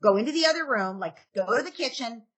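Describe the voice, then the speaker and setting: A woman's voice: on the high side, expressive, quick pace, a bit bright. A middle-aged woman, a parenting expert, giving advice in a casual podcast interview and acting out parent and kid lines.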